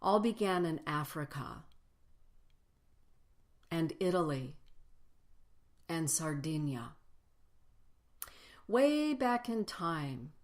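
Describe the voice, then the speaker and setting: Addressing a congregation, a woman shares a reflective, personal spiritual talk in a deep voice that swings widely in pitch. She builds up lists with slow, emphatic phrasing.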